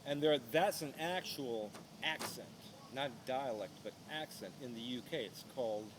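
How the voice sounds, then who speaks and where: A man in a casual podcast conversation, mid-pitched and animated. He rambles through his points with lots of fillers. Steady background noise sits under his voice. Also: normal speed. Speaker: podcast co-host. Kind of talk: casual conversation about music.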